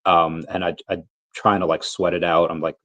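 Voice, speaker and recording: A man in his thirties with the flu hosts a casual crypto livestream Q&A, coughing now and then and rambling through his thoughts with many restarts. His voice is low and level, a bit bright, at normal speed, in a low-quality recording.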